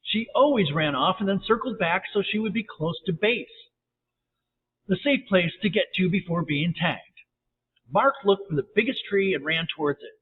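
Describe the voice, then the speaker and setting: A man narrating a bedtime story gently, with lively read-aloud voices. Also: high-pitched, moderate pace, husky. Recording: tinny phone-like audio, faint hiss.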